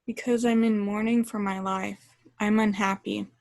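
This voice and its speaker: A woman reading the part of a gloomy young woman in a flat class read-through, dropping at the ends of lines. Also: medium pitch, moderate pace, no echo, natural voice. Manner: monotone line reading, drops at line ends.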